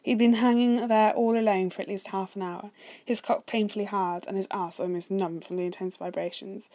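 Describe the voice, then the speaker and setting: Soft-spoken woman narrator, steady read-aloud, mid pitch. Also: moderate pace. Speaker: story reader.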